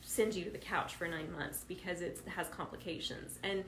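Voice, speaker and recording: A woman's voice: fairly low pitch, fairly even intonation, moderate pace, echoey room, slight background noise, low-quality recording. A mother co-hosting a parenting talk, speaking personally while emotional and close to tears. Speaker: co-host, homeschooling mother.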